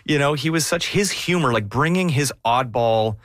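A man's voice: medium pitch, animated, normal speed, fairly bright tone, no echo. Man chatting as an interview guest, dry sound. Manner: chatty, laughs often, restarts mid-sentence. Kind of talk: casual interview storytelling.

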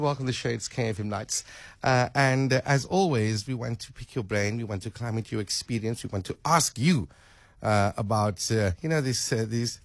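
A man's voice: mid-range voice, vocal fry, dry recording. A man co-hosting a night radio show in casual chat, hesitant and full of restarts. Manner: hesitant, many restarts and fillers.

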